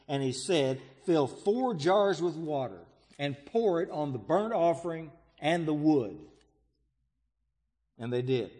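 A slightly high-pitched male preacher reads scripture aloud during a sermon. His delivery is dramatic, with sudden loud swells and quiet hushes. The sound carries a long reverb, as if he is speaking in a large hall.

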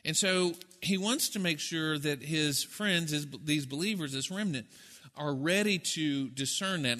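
A man preaches a sermon in a fairly high, bright, forceful voice. He presses his points with rhetorical questions and dry asides. A long reverb trails behind him, as in a large hall. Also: moderate pace. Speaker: pastor.

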